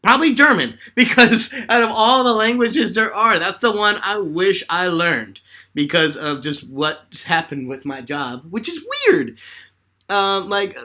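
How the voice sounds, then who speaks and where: A man in his twenties hosting a live fan question-and-answer chat, telling stories in an animated way and laughing often. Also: high voice, measured pace. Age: 20s.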